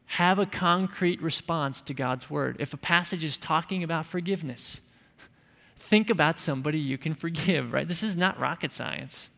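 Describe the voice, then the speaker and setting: A man's voice: a little high, moderate pace, gravelly, a bit bright, long reverb tail. A man preaching a sermon to men, emphatic and conversational, with touches of light humor. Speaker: pastor.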